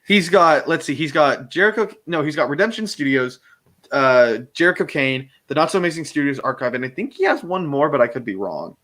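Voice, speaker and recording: A man's voice: a little high, very animated, fairly quick, a bit bright. A young American man chatting as a guest on an online call, rambling and correcting himself as he jokes along. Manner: rambling, self-correcting, jokey. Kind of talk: casual online chat. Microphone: computer microphone on a call.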